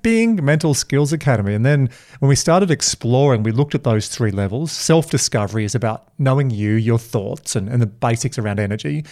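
A man's voice: medium pitch, lively intonation, a little fast, darkish tone. A man hosting a podcast, chatting casually and telling stories with enthusiasm. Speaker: podcast host.

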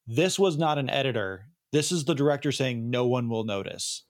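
A man co-hosting a podcast, chatting casually and getting animated when he mocks bad film lines. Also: medium pitch, brisk, hardly any pauses. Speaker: podcast co-host. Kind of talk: casual chat.

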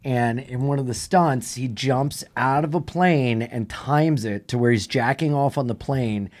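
A man co-hosting a comedy podcast, telling stories with excitement and cursing freely in casual chat. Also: medium pitch, unhurried. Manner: excitable storyteller, swears freely. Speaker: podcast co-host.

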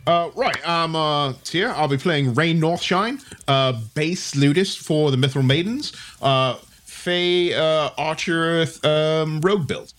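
A man's voice: on the high side, takes it slowly, hardly any pauses, fairly bright tone, soft background music. A man introducing his character in a tabletop game, hesitant and full of fillers. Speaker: player. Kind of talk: casual chat.

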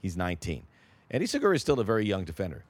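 A man's voice: low-pitched, huge pitch swings, racing, dry recording. A man co-hosting a casual sports podcast, talking through a signing in a conversational way.

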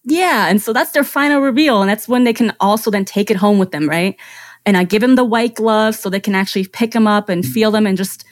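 A woman's voice: mid-range voice, fairly quick. A woman photographer, a podcast guest, describing her client process step by step with enthusiasm. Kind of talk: conversational interview.

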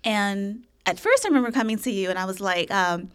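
A woman talking in a casual podcast conversation, candid and expressive, swearing freely and acting out her old thoughts. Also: mid-range voice, brisk, clear, resonant tone. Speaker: podcast guest.

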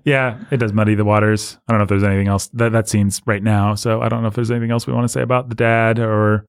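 A man's voice: lowish voice, level tone, fast talker, smooth, dry recording, studio quality. A man co-hosting a casual movie discussion, wry and sarcastic, often laughing as he talks. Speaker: podcast co-host.

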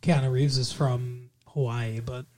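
A man's voice: medium pitch, steady tone, unhurried, warm tone. A man hosting a casual podcast chat, rambling, trailing off and correcting himself as he goes. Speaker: podcast host.

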